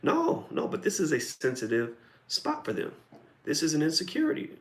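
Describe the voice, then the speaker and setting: A man's voice: fairly high pitch, huge pitch swings, moderate pace. A middle-aged man from Kentucky giving a blunt, combative video commentary monologue, full of profanity and emphatic asides. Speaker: online commentator.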